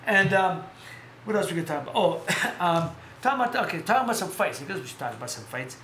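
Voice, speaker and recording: Guy hosting a live stream, kinda high voice, rambly, corrects himself a lot, faint noise in the back. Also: fast. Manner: rambling, animated storytelling with self-corrections. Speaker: host. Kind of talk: casual live-stream chat about boxing. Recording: echoey room with faint background noise.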